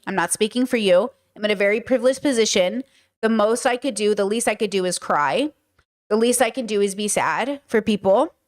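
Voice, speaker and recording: A woman hosts a livestream, talking in a casual commentary style. She is emphatic and impassioned, swears freely and leans on fillers like "like" and "right". Her voice sits fairly high. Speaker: livestream host.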